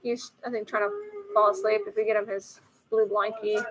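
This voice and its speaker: A woman's voice: medium pitch, fairly even intonation, normal speed, rough recording. A woman hosting a live card-opening stream from home, chatty and apologetic, often breaking off to soothe a baby. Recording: loud background noise with a crying baby.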